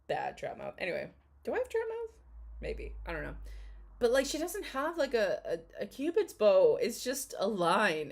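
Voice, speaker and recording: A commentary vlogger, a woman in her thirties, has a creaky, mid-range voice as she chats casually in reaction to a video. She's blunt and sarcastic and swears and laughs a great deal.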